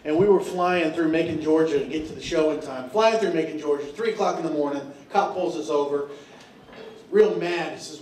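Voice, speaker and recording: A Tennessee man with a high-leaning, darkish voice talks a little fast, recorded from a distance in an echoey room. On a comedy club stage he performs stand-up, drawling and storytelling with lots of fillers.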